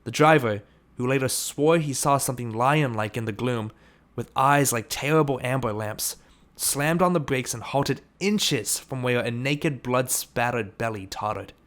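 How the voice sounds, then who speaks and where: A man narrating an audiobook, reading steadily and lifting his voice for shouted lines. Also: mid-range voice, measured pace. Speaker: audiobook reader.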